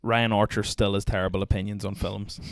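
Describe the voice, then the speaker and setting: A man's voice: on the low side, flat delivery, normal speed, vocal fry. A man hosting a podcast, chatting casually with a guest, laughing often, swearing and poking fun at himself. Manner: laughing, swearing, self-mocking. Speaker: podcast host. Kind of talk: casual chat.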